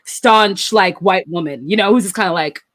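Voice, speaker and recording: A woman in casual podcast chat, speaking in an emphatic, profane way and quick to joke. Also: medium pitch, fairly bright tone. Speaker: podcast co-host.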